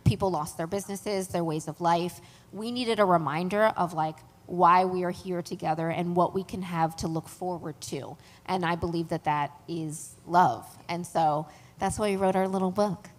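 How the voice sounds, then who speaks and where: A woman's voice: on the low side, moderate pace. A young woman author on a festival panel, telling a story with laughter and acted-out voices. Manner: lively, laughing, acts out voices of friends. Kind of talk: animated storytelling. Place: large music hall stage. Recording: long hall reverb, faint ambience.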